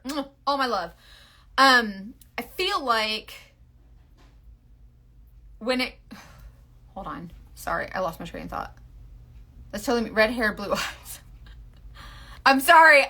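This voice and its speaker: A woman in her forties chatting casually on a livestream, answering viewer questions about makeup, rambling with fillers and bursts of excitement. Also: fairly high pitch. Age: 40s.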